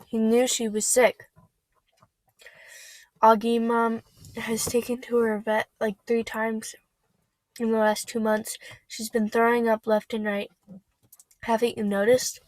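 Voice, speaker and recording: A woman reading aloud, voicing a caring teenage older sister in a soft, steady tone. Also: a little high, slow, pauses often, no room sound, low-quality recording.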